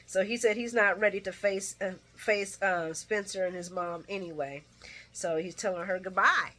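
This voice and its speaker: A woman's voice: medium pitch, fairly even intonation, moderate pace, sharp tone. A woman giving a casual late-night soap opera recap, blunt and opinionated, cursing freely and laughing often. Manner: laughs often while talking.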